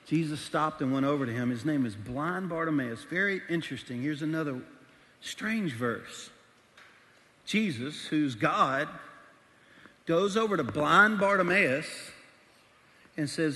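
Brief: man, pastor preaching, high voice, animated swings from soft to shouting, long church-hall reverb. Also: measured pace, pauses often. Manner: animated, shifts between quiet asides and shouting. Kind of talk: sermon.

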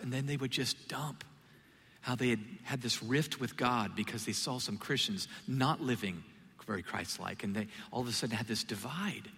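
A man's voice: mid-range voice, moderate pace, sharp tone, husky. A man preaching a sermon, telling a story and acting out the voices of the people in it. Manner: storytelling, acts out quoted voices. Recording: long hall reverb.

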